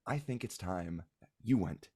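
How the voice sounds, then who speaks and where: A man's voice: deep voice, expressive, normal speed, mellow, breathy edge. A man voicing a doting, fussy middle-aged Harengon rabbit-folk mother in a tabletop game. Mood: fussing.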